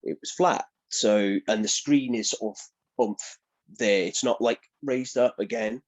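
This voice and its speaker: A man from South Wales with a Welsh accent, a wrestler telling animated stories in a casual interview and laughing often. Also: lowish voice, a little slow. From Newport, South Wales. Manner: animated, chatty, laughs often, keeps asking "do you know what I mean". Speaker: professional wrestler guest.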